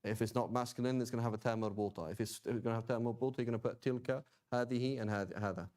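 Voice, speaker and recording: A man's voice: mid-range voice, steady tone, quick pace, darkish tone. Chatty male teacher checking in often. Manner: chatty, checks in with "right?" and "okay?"; joking asides. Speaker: Quranic Arabic teacher. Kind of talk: informal class lecture.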